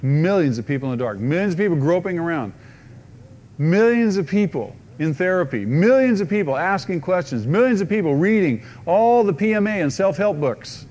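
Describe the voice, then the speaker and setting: A man preaching a sermon as pastor, swinging from rising, loud repeated cries to a hushed, soft pleading voice. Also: sits high, expressive, moderate pace.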